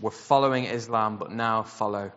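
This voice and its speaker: Guy preaching, bright tense voice, big echoey church hall, kinda muffled. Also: fairly low pitch, moderate pace. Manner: animated storyteller, acts out quoted voices. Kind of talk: sermon storytelling. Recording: dull sound with long hall reverb.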